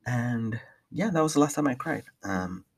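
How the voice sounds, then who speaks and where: A man's voice: mid-range voice, lively intonation, normal speed, creaky. A young man casually talking through a solo podcast update, rambling with heavy swearing and many restarts. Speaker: podcast host.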